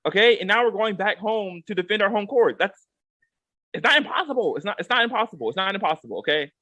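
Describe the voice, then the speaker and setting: Male co-host, high and lively voice, heated repetitive rant, dry close recording. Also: fast talker, no room sound, highs cut off. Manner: emphatic and repetitive, drives points home with "okay?". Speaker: co-host giving a rant segment.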